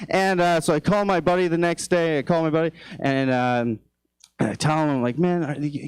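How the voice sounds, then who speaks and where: A young man doing a stand-up comedy set, telling loose rambling stories with lots of fillers, and his voice jumps high for exasperated quoted outbursts. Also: steady tone, brisk, darkish tone, smooth, no echo. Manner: loose, rambling storytelling with frequent fillers and restarts. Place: comedy club stage.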